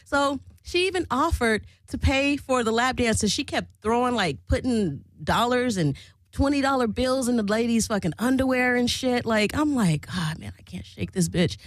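Woman, casual storyteller, animated and profane, dry close sound. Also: on the high side, moderate pace, dry recording, poor audio.

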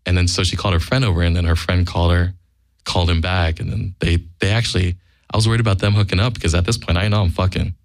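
A man's voice: low-pitched, fairly even intonation, fast talker, no room sound, clean studio sound. A man telling a casual, profane anecdote in a blunt way, acting out the quoted lines. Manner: blunt, acts out quoted dialogue. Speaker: guest storyteller.

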